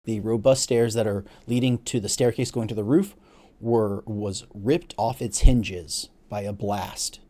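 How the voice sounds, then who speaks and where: A man narrating a tabletop role-playing game as game master, casual and halting, with many fillers. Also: lowish voice, fairly even intonation, dark tone.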